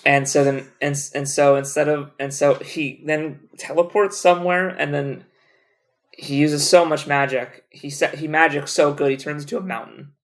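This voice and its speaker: A man's voice: on the high side, fairly even intonation, moderate pace. A young man co-hosting a podcast, rambling through a book recap in a casual, joking chat with a lot of swearing. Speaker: podcast co-host.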